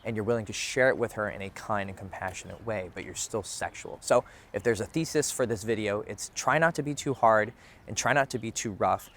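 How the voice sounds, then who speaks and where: A man's voice: lowish voice, fairly quick, fairly bright tone. A young man, a dating coach, talking candidly to camera outdoors in a casual, conversational way, swearing freely. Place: outdoors near a bench.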